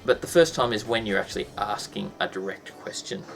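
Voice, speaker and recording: Male teacher, low gravelly voice, loose chatty delivery over faint music. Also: a little fast, fairly bright tone. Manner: chatty, many ums and restarts, bursts into sound effects. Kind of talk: casual explainer lesson.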